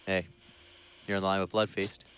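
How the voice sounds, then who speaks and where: A man co-hosting a podcast in casual comedic banter, teasing and deadpan with absurd jokes. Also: deep voice, normal speed, slight background noise. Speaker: podcast co-host.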